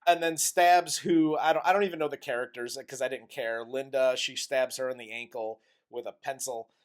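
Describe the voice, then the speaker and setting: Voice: medium pitch, steady tone, normal speed. A co-host of a comedy movie review podcast, retelling the plot in a crude, exasperated, laughing way.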